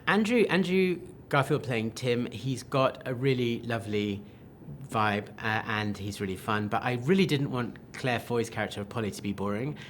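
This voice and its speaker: Man, film director, enthusiastic interview answers, animated, faint background noise. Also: medium pitch. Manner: animated, enthusiastic, quick restarts and quoted asides.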